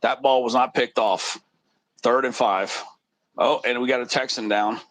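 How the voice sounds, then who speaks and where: A man's voice: medium pitch, fairly even intonation, a little slow, fairly bright tone, no echo, rough recording. A man co-commenting a football game in casual chat, telling stories in a rambling, laid-back way.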